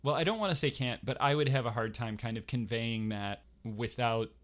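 A man's voice: medium pitch, fairly quick. A man in casual podcast conversation, talking with many restarts and a dry, self-deprecating humor. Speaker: furry performer guest.

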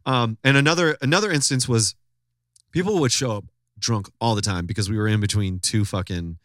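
Guy hosting a podcast, swearing a lot, rambling and animated, dry close sound. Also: fairly low pitch, fairly quick, no room sound. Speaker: podcast host. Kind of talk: casual storytelling chat.

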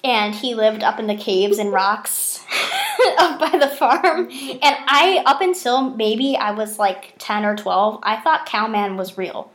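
A young woman telling stories in a casual podcast chat, animated and swearing freely. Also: mid-range voice, unhurried, hardly any pauses. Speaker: podcast host.

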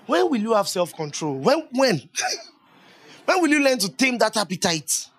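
High-voiced preacher. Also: male voice, measured pace, slightly rough. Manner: lively and conversational, often laughing and asking the audience questions. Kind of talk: sermon.

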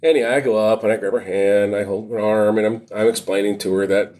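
A middle-aged man, a retired police officer, co-hosting a podcast and telling a long story in a rambling, animated way, swearing and laughing often. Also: lowish voice, quick pace. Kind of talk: casual storytelling chat.

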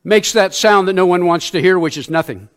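Older man preaching, folksy and high-voiced. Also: brisk, fairly bright tone, smooth. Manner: self-deprecating, folksy storyteller; acts out sounds and quotes in his stories. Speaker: church elder preaching. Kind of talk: sermon with personal storytelling.

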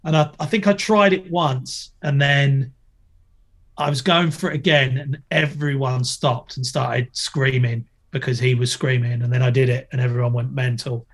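A middle-aged former skateboarder and TV presenter chats as a guest on a casual podcast, joking, telling stories, and swearing freely. His voice sits at medium pitch with fairly even intonation and a moderate pace.

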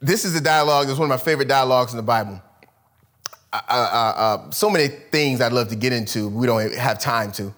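A man preaching a sermon, retelling a Bible story with lively storytelling and casual slang. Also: mid-range voice, brisk. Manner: animated storytelling, acts out characters in casual slang.

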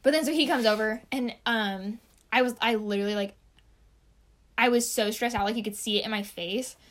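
A young woman in casual conversation rattles through a story from her job. Her voice sits a bit high and her words tumble out quickly, packed with "like" and restarts. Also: fairly even intonation. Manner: rambling, heavy use of "like".

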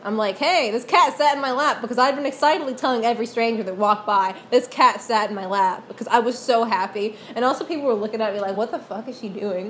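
A woman's voice: fairly high pitch, fast talker, few pauses, fairly bright tone, a little hiss or hum. A young woman telling a rambling story in casual chat, with lots of fillers and giggles.

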